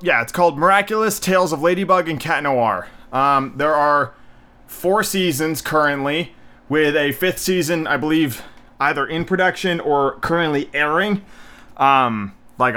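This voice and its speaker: A man's voice: on the high side, sharp tone. A young man hosting a casual solo podcast, reviewing movies in a blunt, rambling way with lots of fillers, a little out of breath. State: slightly out of breath.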